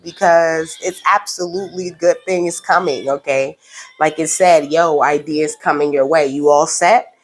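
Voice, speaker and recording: A woman giving a casual spiritual reading to her viewers, animated and slangy, laughing often. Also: on the low side. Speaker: spiritual card reader.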